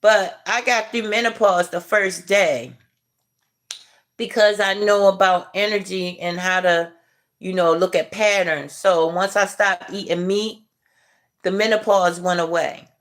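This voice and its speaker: A middle-aged woman hosting a casual livestream, chatting with viewers in a laid-back, drawn-out way and chuckling as she reads comments. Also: medium pitch, steady tone. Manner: laid-back, drawn-out delivery, chuckling while reading chat. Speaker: livestream host.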